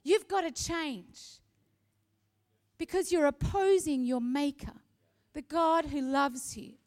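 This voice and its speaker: A woman pastor preaching a sermon to her church, emphatic and building to loud, impassioned peaks. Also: sits high, slow.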